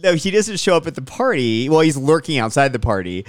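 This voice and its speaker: Lively, high-toned man chiming in. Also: no room sound. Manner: lively interjections and quick comments. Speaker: podcast co-host. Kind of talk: casual chat recapping a movie.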